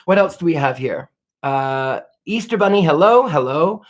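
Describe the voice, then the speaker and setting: A genteel man with a fairly high voice hosts a live question-and-answer stream as a psychic. He talks in an effusive, gracious way, reading out viewers' questions and answering them at length. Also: expressive, normal speed.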